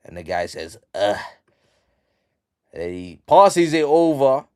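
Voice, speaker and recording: A man casually recapping a manga chapter on a live stream, slangy and full of ums, reading the quotes out flat. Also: medium pitch, moderate pace, smooth, no room sound, clean studio sound. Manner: slangy, reads out quotes flatly, many ums.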